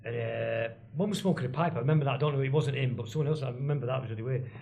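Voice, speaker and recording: Fast-talking Mancunian man telling stories. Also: mid-range voice, darkish tone, highs cut off, a little hiss or hum. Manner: rambling storyteller with many restarts and asides. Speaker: guest, former band drummer. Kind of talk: casual anecdotal chat.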